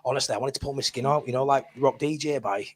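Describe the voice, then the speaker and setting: A man's voice: mid-range voice, fast talker, husky. A man with a Yorkshire accent telling a long story in casual chat, blunt and swearing freely. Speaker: podcast co-host.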